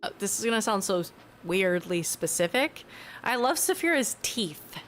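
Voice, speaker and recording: A young adult woman chatting live on stream from her home, rambling and giggling as she reacts to chat and trips over her own words. Her voice sits at an ordinary middle pitch, and soft music plays faintly behind her. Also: very animated, normal speed. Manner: rambling, giggly, self-correcting. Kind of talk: casual livestream chat, reacting to chat. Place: home, newly moved in.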